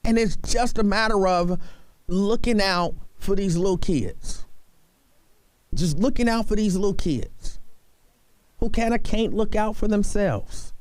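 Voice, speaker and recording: A man's voice: sits high, measured pace, dry recording. A man hosting a talk radio show, speaking earnestly and pleading with his listeners, repeating himself for emphasis. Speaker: radio host.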